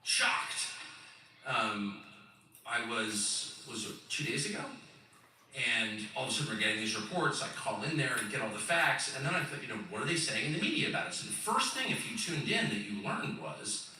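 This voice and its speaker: A man in his fifties from California, hosting a live stage show with a sardonic, chuckling, animated storytelling manner in a large event hall. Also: mid-range voice, normal speed. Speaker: host on a live stage tour. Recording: roomy echoing hall, distant mic.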